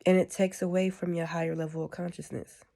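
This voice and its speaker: Woman with a gravelly voice. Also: lowish voice, level tone, fairly quick, mellow. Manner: rambling, conversational, keeps asking "you know what I'm saying". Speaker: spiritual speaker. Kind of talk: casual spiritual monologue.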